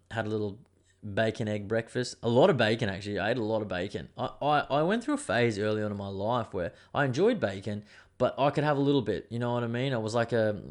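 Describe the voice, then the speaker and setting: A young adult man, hosting a podcast in a rambling, sweary, laid-back casual chat. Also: medium pitch. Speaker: podcast host.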